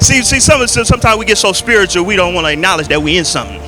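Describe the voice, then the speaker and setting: A male pastor preaching an energetic sermon, talking back and forth with his congregation and repeating phrases for emphasis. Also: high voice, quick pace, hardly any pauses, soft background music. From Southern California. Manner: repeats words for emphasis, drops into folksy quoted voices.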